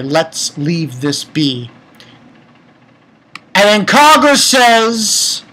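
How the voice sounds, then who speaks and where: A man giving a casual, excitable manga chapter review, retelling scenes and breaking into profane rants. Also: a little high, a little hiss or hum, poor audio.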